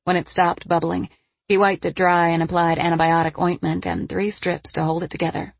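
A woman narrating an audiobook with even, measured storytelling. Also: lowish voice, vocal fry, a little hiss or hum.

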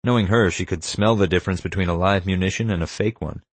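A man reading a first-person story aloud in a steady, measured manner. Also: deep voice, breathy edge, no echo. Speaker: audiobook narrator. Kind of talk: first-person scripted narration.

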